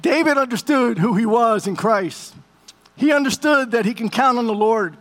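High-voiced man preaching a heartfelt sermon. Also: lively intonation, moderate pace, fairly bright tone. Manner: emotional storytelling, addresses congregation as family. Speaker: pastor.

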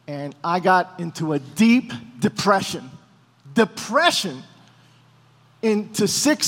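A man telling a personal testimony to a congregation, acting out both sides of the conversations as he goes. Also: high voice. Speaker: preacher giving testimony. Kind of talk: storytelling testimony. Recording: long hall reverb.

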